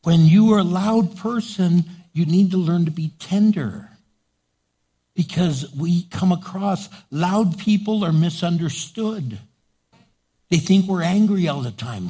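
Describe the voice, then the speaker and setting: A middle-aged man preaching a sermon as pastor, loud and animated, acting out little voices to make his points. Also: sits high, a little slow, husky.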